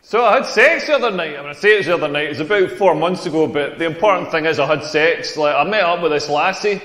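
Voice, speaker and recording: A man's voice: a little high, expressive, fast, fairly bright tone. A Scottish man in his forties from rural Scotland, performing a crude, mocking stand-up comedy set on a club stage. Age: 40s. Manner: brash, crude, mocking delivery. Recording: roomy club with long reverb.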